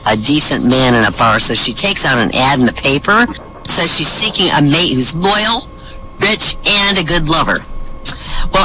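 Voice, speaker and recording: A man's voice: a little high, poor audio. A man telling a run of comedy jokes at an online comedy show, acting out each character's lines as he goes. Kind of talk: stand-up joke telling in a voice chat room.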